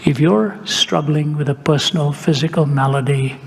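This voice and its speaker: A man's voice: fairly high pitch, normal speed, gravelly, hardly any pauses. An older man preaching a sermon, telling a personal story in a conversational way with light humor. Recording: echoey hall, faint ambience.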